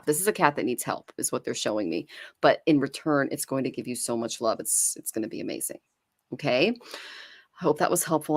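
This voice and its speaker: A woman's voice: very deep voice, no room sound, clean studio sound. A woman giving a live psychic reading about a pet, chatty and caring, laughing as she talks. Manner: warm, chatty, laughs while talking. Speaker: psychic reader.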